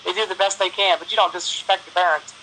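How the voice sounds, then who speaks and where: A woman's voice: fairly low pitch, fairly even intonation, fast, bright, forceful tone, slight background noise, poor audio. A woman, talking bluntly and profanely in a casual phone chat, telling stories with quoted back-and-forth.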